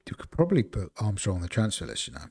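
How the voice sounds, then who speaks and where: A man with a fairly low voice talks his way through a football management game on a live stream. He rambles in a relaxed, chatty way, musing aloud over team picks and breaking off to greet his viewers. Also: racing, breathy edge. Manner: rambling, chatty, talks to chat between choices. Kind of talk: casual live-stream commentary.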